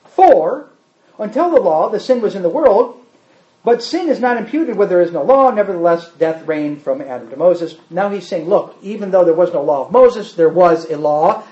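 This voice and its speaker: Preacher, male, emphatic, animated delivery, muffled lo-fi recording. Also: sits high, normal speed, roomy sound. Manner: emphatic, asks the congregation rhetorical questions. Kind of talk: sermon. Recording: dull lo-fi sermon recording.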